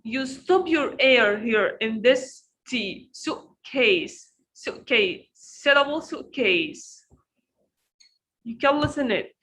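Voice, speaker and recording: A woman teaching pronunciation in an online lesson, repeating each word slowly to drill it. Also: on the high side, lively intonation, a bit bright, low-quality recording. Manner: slow, repeats words to drill them.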